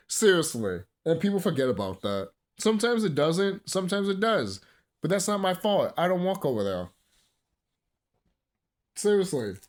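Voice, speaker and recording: A man in his thirties ranting casually as a movie commentary vlogger, profane and rambling, breaking into bursts of laughter. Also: a little high. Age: 30s. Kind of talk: casual rant.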